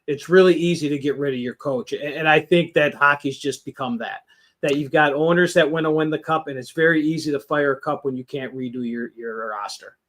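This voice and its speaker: A man co-hosting a casual hockey talk show, explaining his points in a measured way. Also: a little high. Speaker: co-host, broadcast partner.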